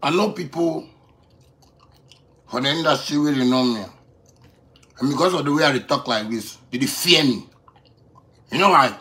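A man in his thirties speaking Ghanaian Pidgin English in a boastful, swaggering off-the-cuff rant. He repeats phrases for emphasis and swings from quiet to loud. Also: mid-range voice, normal speed, pauses often. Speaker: musician addressing critics.

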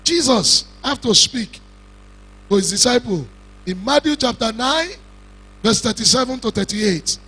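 A man with a Nigerian Yoruba-speaking accent preaching a funeral sermon in a cathedral, slow and emphatic, with shouted lines and questions he puts to the congregation. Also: very high-pitched, expressive, breathy edge, low-quality recording. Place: large cathedral.

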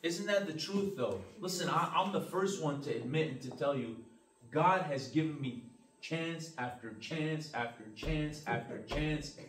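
A man's voice: fairly high pitch, a little slow, fairly bright tone. A man teaching a church Bible class as pastor, earnest and emphatic, with frequent amens and restarts. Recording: roomy, distant mic, faint hiss.

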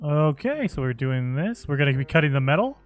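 A man hosting a gaming channel, giving excitable let's play commentary and thinking aloud as he plays. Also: a little high, fairly quick, slight background noise.

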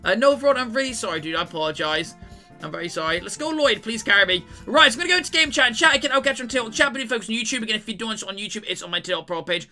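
A male streamer chats rapidly through a live game session, greeting viewers and apologizing often. His voice is bright and forward, and his pitch sits a little high. Faint music plays underneath. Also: lively intonation. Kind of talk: live gaming stream chat.

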